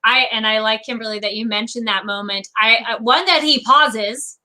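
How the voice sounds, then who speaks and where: A woman hosting a casual anime discussion, animated and acting out characters' lines as she talks. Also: a little high, moderate pace, rough recording. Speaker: host.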